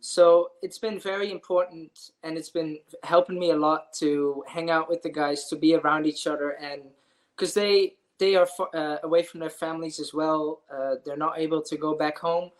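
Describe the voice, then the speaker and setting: A man's voice: on the high side, steady tone, normal speed, rough recording. A young man from the Netherlands with a Dutch accent, answering interview questions earnestly with frequent ums and uhs. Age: young adult. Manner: earnest, with frequent fillers and restarts. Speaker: student athlete, interviewee.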